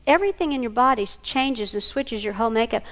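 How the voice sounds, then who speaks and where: A woman's voice: a little high, fast talker. An older woman, a grandmother, presenting a live training workshop and quizzing her audience. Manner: animated, asks the audience questions.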